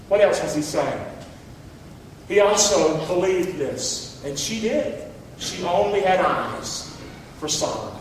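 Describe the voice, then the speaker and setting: High-voiced preacher in echoey hall. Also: male voice, measured pace, distant mic, noisy background. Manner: folksy, animated preaching with rhetorical questions. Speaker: pastor. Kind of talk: sermon. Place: church sanctuary.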